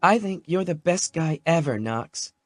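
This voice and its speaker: A man voicing an anxious, emotional young pregnant woman in an audiobook, her voice soft and wobbly. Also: on the high side, lively intonation, unhurried, dry recording, soft background music, voice pushed up. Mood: playful. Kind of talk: audiobook character voice.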